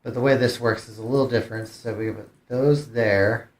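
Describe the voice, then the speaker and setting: A man's voice: medium pitch, fairly even intonation, normal speed, roomy sound. A man streamer giving casual gameplay commentary, thinking aloud with hesitant restarts. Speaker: game streamer.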